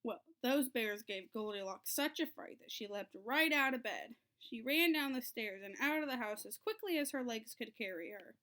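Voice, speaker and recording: A woman teacher reading a storybook aloud to children, in an expressive storytelling way. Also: on the high side, normal speed, few pauses. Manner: expressive, sing-song storytelling.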